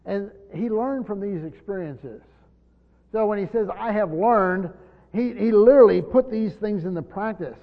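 A man's voice: high-pitched, moderate pace, vocal fry. A man preaching an expository sermon, explaining a text and often repeating words as he goes. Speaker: pastor. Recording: muffled recording with long hall reverb.

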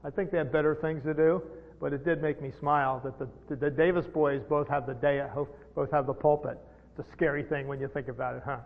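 A middle-aged man preaching a sermon as pastor, earnest and halting, with repeated words, rising to emphatic peaks. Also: a little high, steady tone, vocal fry. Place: church sanctuary. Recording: dull sound with long hall reverb.

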